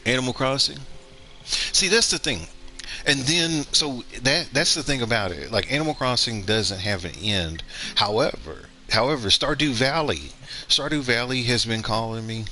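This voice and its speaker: A man's voice: mid-range voice, normal speed, sharp tone, a little hiss or hum. A man giving casual gameplay commentary, thinking aloud and rambling with fillers and restarts as he plays. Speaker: gaming streamer.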